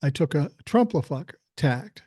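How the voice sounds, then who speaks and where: A man's voice: a little high, sing-song, unhurried, warm tone, slightly rough, no room sound, studio quality. An older man hosting a podcast, telling a story in a blunt, profane, combative way. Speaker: podcast host. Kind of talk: casual storytelling chat.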